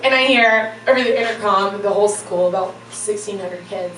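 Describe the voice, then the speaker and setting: A woman's voice: mid-range voice, brisk. A young woman telling a funny story to a live audience, casual and profane, laughing often. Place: stage before a live audience. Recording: echoey room, distant mic, audience noise.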